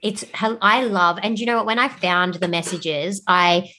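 A woman's voice: lowish voice, normal speed, pushed and bright. Giggly woman podcast co-host. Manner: giggly, reads old messages aloud. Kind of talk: casual chat.

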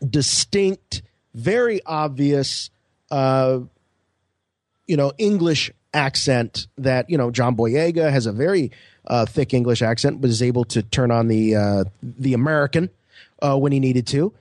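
A man co-hosting a podcast, mid-pitched and speaking thoughtfully. He rambles through ideas with frequent fillers, and his voice sounds dry and close to the mic. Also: unhurried, darkish tone, no echo. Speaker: podcast co-host. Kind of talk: casual podcast chat.

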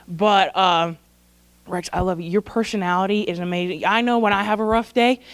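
A young woman with a smooth, clear voice speaks at a church service. She rambles warmly, laughing often and fighting back tears as she pays tribute. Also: medium pitch, fairly even intonation, moderate pace. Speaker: church staff speaker honoring graduates. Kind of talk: heartfelt tribute speech.

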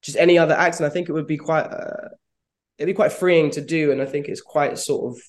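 A man's voice: on the high side, steady tone, brisk. A man, an actor answering interview questions in a reflective, rambling way, with frequent laughs. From London, England. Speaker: actor guest.

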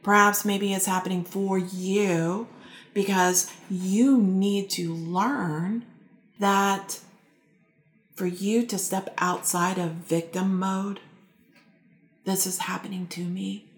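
A woman life coach gently guiding listeners through self-reflection, talking calmly with slow pauses. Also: mid-range voice, reverberant. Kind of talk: guided self-help talk to listeners.

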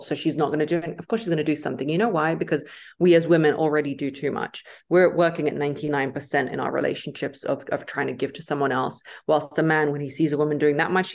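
Emphatic woman guest acting out quotes. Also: low-pitched. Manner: emphatic, acts out quoted lines in lively voices. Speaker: podcast guest. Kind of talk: casual interview chat.

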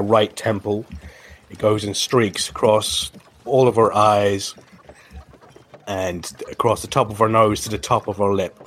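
A man narrates a tabletop fantasy game as its game master. His voice is low-pitched and he talks slowly. He halts often, with fillers and restarts. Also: a little hiss or hum. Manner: halting, with many fillers and restarts.

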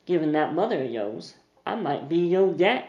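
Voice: medium pitch, big pitch swings, normal speed, echoey room, highs cut off. A game master voicing a pompous older male bar patron who blusters in indignation. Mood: smug. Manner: indignant, puffed-up.

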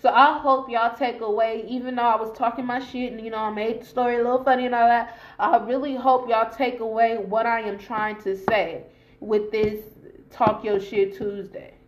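A woman podcaster with talks straight to her listeners in a casual motivational monologue. Her voice sits a little higher than most women's, and she repeats herself for emphasis. She speaks in slangy, profane bursts. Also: level tone, moderate pace, roomy sound, dull audio, slight background noise. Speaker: podcast host.

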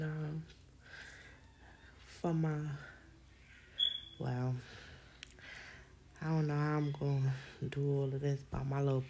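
Low gravelly-voiced woman podcaster. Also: a little hiss or hum. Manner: animated, slangy, laughs often. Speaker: podcast host. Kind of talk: casual monologue to listeners.

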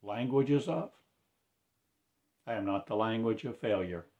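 A man delivering a rambling prophetic monologue in a slow, incantatory way, breaking into loud proclamations. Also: fairly low pitch, dull audio.

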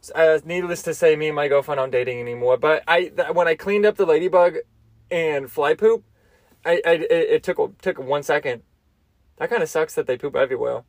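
A young man rambles through crude, self-amused stories on his solo podcast, often stopping and restarting mid-sentence. His voice sits a little high for a man. The recording is close and dry, with no room sound. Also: fairly quick, dry recording. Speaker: podcast host. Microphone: close mic, seated.

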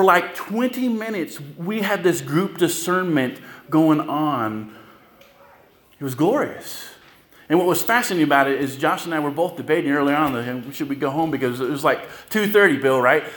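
A man's voice: medium pitch, expressive, normal speed, fairly bright tone, roomy sound. A man preaching a sermon as pastor, telling stories in a loose, conversational way with asides to the congregation.

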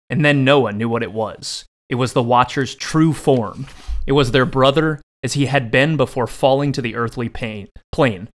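A man co-hosting a casual book podcast, reading passages aloud with lively emphasis and then adding enthusiastic, jokey commentary. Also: mid-range voice. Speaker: podcast co-host.

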